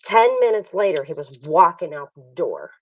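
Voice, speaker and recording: A woman's voice: fairly low pitch, normal speed, recorded from a distance, low-quality recording. A woman telling a casual story on a poker stream, acting out what other people said. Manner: animated, acts out other people's lines.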